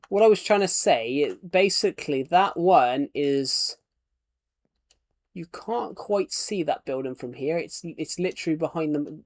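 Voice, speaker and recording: A man's voice: on the high side, no room sound. A man chatting casually while streaming a game, rambling and chuckling at his own jokes. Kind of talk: casual gameplay chat.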